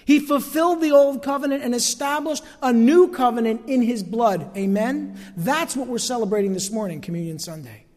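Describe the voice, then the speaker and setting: A man's voice: very high voice, expressive, normal speed, few pauses, a little mellow. A man preaching a sermon as pastor from the pulpit of a church sanctuary, emphatic, stretching key phrases and asking the congregation for amens. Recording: long hall reverb.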